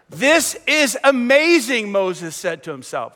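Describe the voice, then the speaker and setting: Man, pastor, energetic sermon, very high voice, long hall reverb. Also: fairly quick, hardly any pauses. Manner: animated, acts out quoted prayers and voices.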